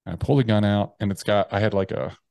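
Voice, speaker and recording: Man, low voice, dry close sound, blunt and profane, halting storytelling. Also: steady tone, vocal fry, a little mellow, no room sound. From United States. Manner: blunt and profane, with slangy address; halting, with frequent restarts. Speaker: podcast guest. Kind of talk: personal storytelling in conversation.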